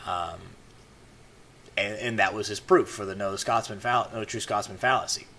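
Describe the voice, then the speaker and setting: A man's voice: fairly low pitch, steady tone, moderate pace, bright, forceful tone, a little hiss or hum. A man giving casual, rambling commentary as a vlogger, full of "you know" fillers and restarts.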